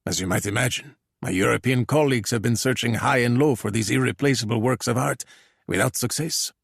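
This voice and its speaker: A man's voice: medium pitch, a little fast, creaky, breathy edge, no room sound. A man voicing a courtly older male police general with a dry wit. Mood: grave. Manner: courtly, dryly witty.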